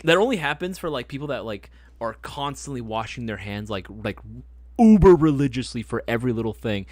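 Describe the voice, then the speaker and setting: Animated, swearing man telling stories. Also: mid-range voice, fairly quick, dry recording. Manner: animated storyteller, swears freely, laughs often. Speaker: host. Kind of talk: casual chat on a live stream.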